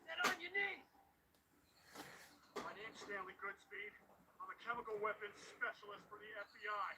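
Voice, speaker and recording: An actor playing a nervous chemical weapons specialist who keeps insisting, frantic, in action film dialogue. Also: male voice, high-pitched, sing-song, normal speed. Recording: distant film audio with faint noise.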